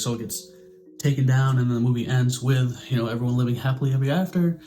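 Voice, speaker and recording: A man casually reviewing a movie, swearing now and then and jumping into quick impressions of the characters. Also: medium pitch, faint music behind. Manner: animated, acts out characters' lines in quick impressions.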